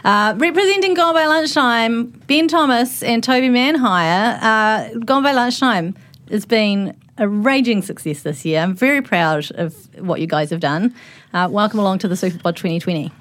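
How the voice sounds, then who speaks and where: A woman hosting a casual group podcast in a studio full of guests, bubbly and quick to laugh. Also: on the high side, expressive, fairly bright tone, dry recording. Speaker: podcast host.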